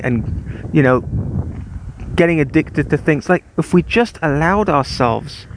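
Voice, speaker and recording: A man's voice: a little hiss or hum, rough recording. A man hosting a solo podcast, reflecting earnestly on his own parenting, with many repeated words and restarts. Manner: animated, rising in pitch when making a point. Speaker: podcast host.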